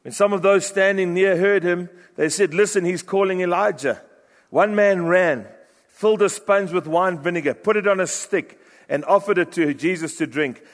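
Fired-up guy preaching, kinda high voice, big echoey church hall, goes loud then real quiet. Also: moderate pace. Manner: impassioned, swings from loud urgent bursts to hushed low phrases. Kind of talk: sermon. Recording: long reverb of a large hall.

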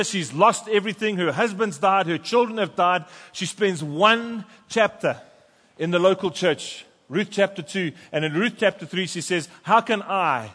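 A pastor preaching a sermon and reading scripture aloud with fervent emphasis in a church. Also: male voice, high-pitched, fairly bright tone. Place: church sanctuary. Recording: long church reverb.

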